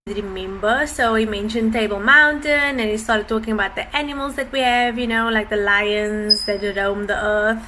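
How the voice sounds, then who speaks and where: Bright South African woman telling a story. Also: on the high side, fairly even intonation, moderate pace, few pauses, a little hiss or hum. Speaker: customer service agent. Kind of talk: storytelling to camera.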